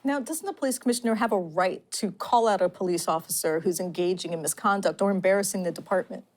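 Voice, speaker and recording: A woman hosting an investigative news program, reading a scripted presentation in an earnest, measured way. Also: mid-range voice. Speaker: host.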